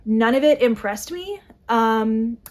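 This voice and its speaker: Young adult female vlogger, casual to-camera chat, slightly high voice, animated and self-interrupting. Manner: animated, self-interrupting, quick asides with laughs. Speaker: book vlogger.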